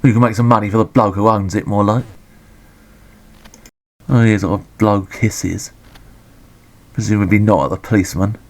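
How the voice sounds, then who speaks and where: A man giving sweary, deadpan, sarcastic commentary on a retro game. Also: on the low side, normal speed, long pauses.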